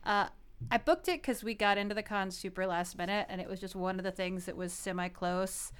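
A woman's voice: mid-range voice, a little fast, smooth. A woman in her thirties co-hosting a podcast, telling a story in a giggly, rambling way, full of "like"s. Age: 30s. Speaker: podcast co-host. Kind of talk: casual chat.

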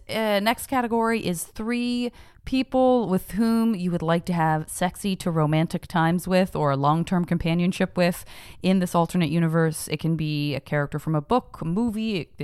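Chatty female podcast host, smooth and low-ish. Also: normal speed. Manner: chatty, laughs easily, self-deprecating. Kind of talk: casual interview chat.

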